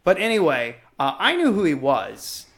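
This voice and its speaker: A man in his thirties co-hosting a movie podcast, telling stories in a casual, profane, animated way. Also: a little high, normal speed. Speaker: podcast co-host.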